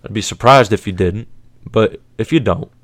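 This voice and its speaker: A man's voice: on the low side, moderate pace, fairly bright tone. A man hosting a sports podcast, ranting in a heated, profane, exasperated way, with many restarts. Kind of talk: casual sports rant.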